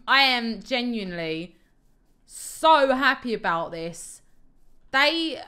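A young woman gushes and giggles her way through casual game commentary. Her voice sits high and swoops all over the place as she chats away. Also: sing-song, slow pace, pauses often, sharp tone. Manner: bubbly, gushing, giggly. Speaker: Minecraft let's player.

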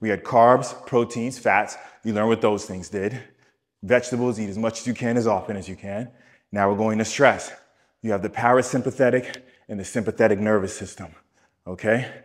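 A man's voice: lowish voice, steady tone, moderate pace. A man talking as a wellness coach on a podcast, emphatic, repeating his key points and speaking straight to the listener. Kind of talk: podcast teaching talk.

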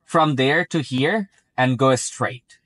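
A man's voice: mid-range voice, slow, fairly bright tone, dry recording. A man speaking English as a second language, chatting casually while driving and commenting on his car's self-driving, often repeating "very" and "like". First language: not English. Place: inside a moving car.

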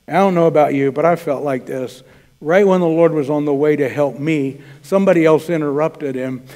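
Man, pastor preaching a sermon, fairly high voice, conversational with quoted dialogue, church hall reverb. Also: warm tone. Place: church sanctuary.

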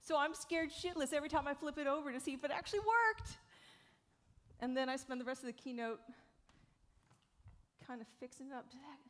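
A woman's voice: high-pitched, brisk, long pauses. A woman, giving a frank, jokey keynote on stage while she paints. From South Carolina, USA. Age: 40s. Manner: lively, jokey and frank, swearing casually. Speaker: keynote speaker and live speed painter. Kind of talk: live keynote talk to an audience. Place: event stage before an audience.

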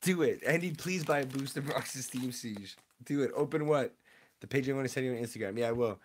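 A man opening trading card packs on a live stream, chatting excitedly with his viewers in a casual, rambling way. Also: medium pitch, a little fast, a little hiss or hum.

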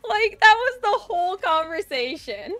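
A chatty, excitable woman streamer with a high, bright voice talks casually to her viewers and swears here and there. Soft music plays quietly behind her. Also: a little slow. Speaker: livestreamer. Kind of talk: casual chat on a live stream.

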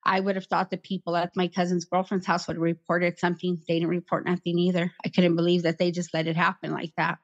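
Low-voiced woman recounting an ordeal. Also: monotone. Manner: plain, halting, repeats herself. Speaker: interview guest, survivor. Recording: slightly muffled recording.

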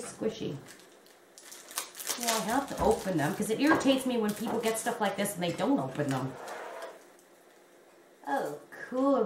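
A woman in her fifties, a crochet vlogger, gushing and exclaiming excitedly as she unboxes a gift on camera. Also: mid-range voice. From Canada. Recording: echoey room with faint noise.

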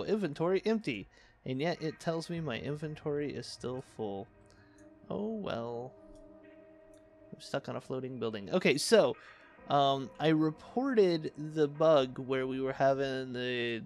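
A young man giving casual, wry running commentary on a city-building game he is playing, with dry sarcastic asides. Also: a little high. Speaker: let's play host.

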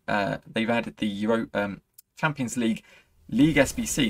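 Excitable young man commentating gameplay. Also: lowish voice, dry recording. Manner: excitable, swings between hype and frustration. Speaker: gaming channel host.

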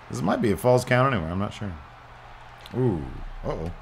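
A man hosting a gaming channel, giving excited play-by-play over a wrestling game with loud exclamations and quiet mutters. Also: mid-range voice, normal speed, slight background noise.

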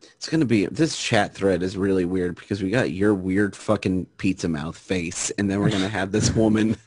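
A man's voice: deep voice, normal speed, a little mellow, husky, no echo. A man co-hosting a casual podcast over a call, dry and sarcastic. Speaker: podcast co-host. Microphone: online call.

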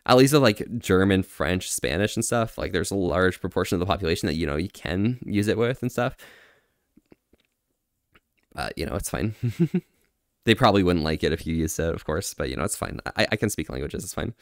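A man's voice: sits low, animated, fairly quick, no echo, clean studio sound. A man streaming casually, answering chat, laughing often and trying out phrases in other languages with self-deprecating humor.

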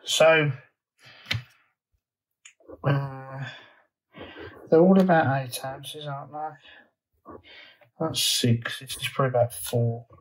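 A man talking at a slow, unhurried pace, with an ordinary mid-pitched voice. He chats casually to camera as a garden vlogger, thinking aloud and trailing off with fillers and restarts. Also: fairly even intonation, low-quality recording. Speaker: allotment vlogger.

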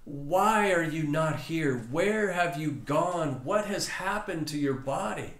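A devoted, emotional young woman cries out in high, pleading bursts, put on by a male preacher. The voice rises well above his usual pitch, and it rings through a roomy church hall. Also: lively intonation, slow, fairly bright tone. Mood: anguished.

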